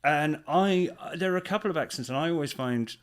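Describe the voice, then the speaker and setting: A man's voice: a little high, a little fast, clean tone. A man co-hosting an audiobook review podcast, chatting in a playful, self-deprecating way. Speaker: podcast co-host. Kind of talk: casual chat.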